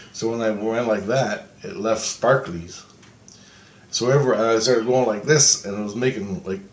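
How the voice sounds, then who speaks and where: A man casually retelling a dream in a rambling, profane way, full of fillers and "he goes". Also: lowish voice. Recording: roomy echo.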